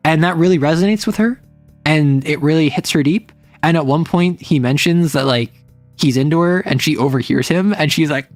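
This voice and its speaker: A woman's voice: low-pitched, normal speed, a little mellow, dry recording, soft background music. A woman streamer chatting casually about romance stories, rambling with lots of fillers and briefly acting out quoted lines.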